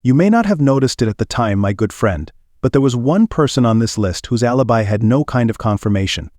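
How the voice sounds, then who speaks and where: A man's voice: medium pitch, animated, brisk, a little mellow, dry recording, studio quality, lightly acted. A man voicing a fussy, precise male detective who questions intently and murmurs his thoughts aloud.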